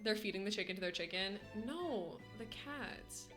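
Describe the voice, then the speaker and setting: A woman's voice: medium pitch, lively intonation, moderate pace. A woman streamer chatting casually with her viewers and laughing a lot, often breaking into giggling fits. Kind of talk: casual live-stream chat. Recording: faint music behind.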